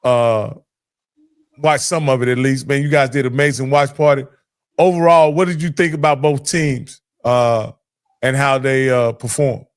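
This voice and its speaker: Halting mid-pitched male host. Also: fairly even intonation. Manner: rambling, halting, many restarts. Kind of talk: casual sports talk.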